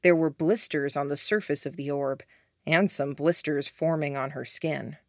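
A woman reads an audiobook in the first person, with a lowish voice and a measured, even delivery. The sound is dry and close. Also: no echo. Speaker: audiobook narrator.

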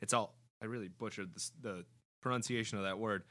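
A man chatting casually who stumbles a little and jokes about his own phrasing. His voice is mid-to-low in pitch, with an everyday, unforced delivery. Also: steady tone, fairly quick, fairly bright tone. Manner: self-deprecating, hesitant. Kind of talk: casual chat.

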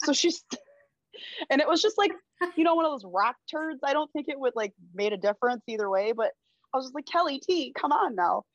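A woman's voice: high-pitched, expressive, brisk, pauses often, no echo, muffled recording. A woman casually telling a rowdy story on a podcast, swearing freely and laughing as she goes. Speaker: podcast guest.

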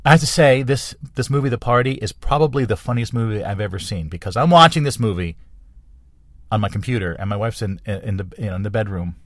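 A man's voice: on the low side, expressive, quick pace, dry recording, clean studio sound. A middle-aged man from New Jersey hosting a podcast, talking on his own in a rambling, enthusiastic way with many restarts. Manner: rambling, enthusiastic, self-correcting. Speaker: podcast host. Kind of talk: casual solo monologue.

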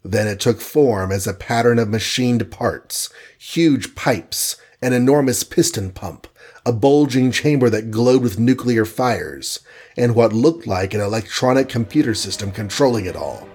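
A man narrating an adventure storybook aloud in a steady, dramatic reading. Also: medium pitch, a little slow, slightly rough.

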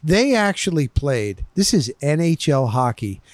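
A man hosting a casual interview chat, prompting his guest with eager interjections and quick reactions. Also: a little high, very animated, no room sound. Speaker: podcast host.

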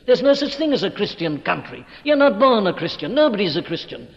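A man's voice: high-pitched, very animated, brisk, vocal fry. A man preaching an evening sermon in an emphatic, declamatory way, hammering words with rising stress. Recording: dull old recording with long hall reverb.

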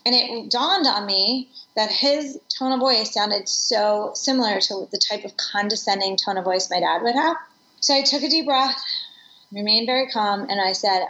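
A woman's voice: mid-range voice, normal speed, bright, forceful tone. A middle-aged woman speaking as an interview guest, reflective and earnest as she tells personal stories. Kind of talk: conversational interview. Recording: echoey room, dull lo-fi sound.

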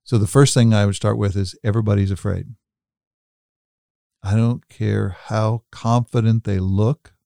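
A man's voice: on the low side, vocal fry, mellow, no echo, studio quality. A man co-hosting a podcast, talking in a thoughtful, coaching way and telling stories from his own life. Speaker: podcast co-host. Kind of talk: reflective podcast talk.

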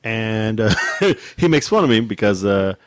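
Laughing man with wide-ranging pitch. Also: big pitch swings, a little slow, smooth, no echo. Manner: laughing, playfully defensive. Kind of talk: casual chat.

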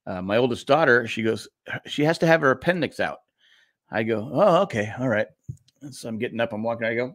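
A man's voice: medium pitch, lively intonation, fairly quick, a bit bright, dry recording, clean studio sound. A middle-aged man co-hosting a podcast, rambling through a story in casual chat with restarts and laughs. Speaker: podcast co-host.

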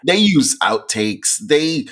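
Man, podcast co-host, unhurried delivery, lively swinging pitch, laughs a lot. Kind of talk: casual chat.

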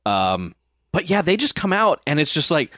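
Animated, laughing man reviewing a film. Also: on the high side, normal speed, no room sound, clean studio sound. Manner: animated, laughs often, acts out characters' lines. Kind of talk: casual movie-review chat.

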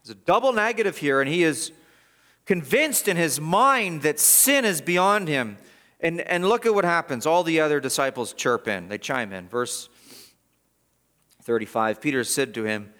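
A middle-aged male pastor preaching a sermon with a fairly high voice. He drives his points home with emphatic repetition, rising loud and then dropping to quiet asides. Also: expressive, normal speed. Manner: swings between loud emphatic peaks and low quiet asides. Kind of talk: expository sermon.

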